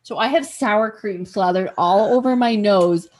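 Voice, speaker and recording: A woman hosting a podcast, telling a story in casual chat, animated, swearing freely and acting out what she said. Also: medium pitch, a little slow. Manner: animated, swears freely, acts out her own past remarks. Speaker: podcast host.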